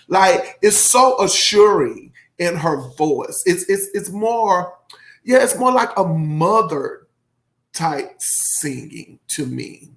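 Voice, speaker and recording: A man's voice: a little high, lively intonation, slow pace, a bit bright. A man giving a casual, effusive album review, rambling and emotional, with many fillers. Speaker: music reviewer.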